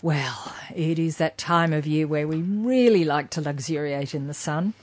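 A woman's voice: deep voice, moderate pace, no room sound. A woman co-hosting a radio chat, chiming in with short agreeable remarks. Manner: brief, agreeable interjections. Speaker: radio co-host.

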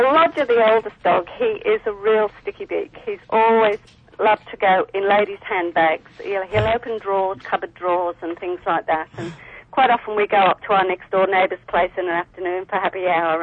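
A woman's voice: mid-range voice, normal speed. An Australian woman, a dog breeder, chatting casually as a radio guest over the phone, with lots of fillers and restarts. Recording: phone-line sound.

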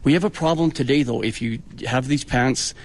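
A man's voice: medium pitch, a little fast. An older man, a retired police officer being interviewed on radio, telling stories with dry, self-mocking humor.

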